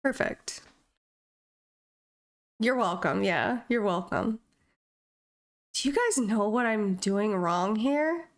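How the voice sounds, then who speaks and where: Playful, slow-talking woman streamer. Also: mid-range voice, lively intonation. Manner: chatty, playful, self-mocking. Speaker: game streamer. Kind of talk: casual live-stream chat.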